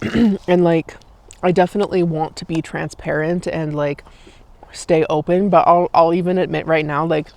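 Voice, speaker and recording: A woman's voice: sits low, creaky, darkish tone. A woman in her late twenties chatting casually as a vlogger, full of "like" and "um" fillers, eating a snack while she talks. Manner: chatty, loose, many "like" and "um" fillers. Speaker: vlogger and streamer. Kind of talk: casual chat. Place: outdoors, in a park.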